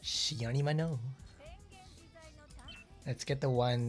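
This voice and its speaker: A man's voice: medium pitch, normal speed, faint music behind. Rambling male game streamer. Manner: rambling, filler-heavy, blunt and profane. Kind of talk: casual gameplay commentary.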